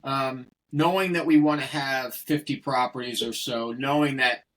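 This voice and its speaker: A man's voice: mid-range voice, steady tone, normal speed, fairly bright tone, poor audio. A man co-hosting a podcast, asking long, probing questions in casual talk. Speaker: co-host.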